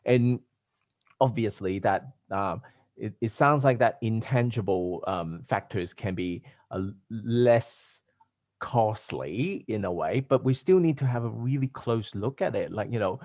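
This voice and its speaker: Low-voiced man hosting over a dry call. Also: measured pace, darkish tone, no room sound, dull audio. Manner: rambling, hesitant, many fillers and restarts. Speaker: podcast host. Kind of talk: casual podcast conversation. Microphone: video call.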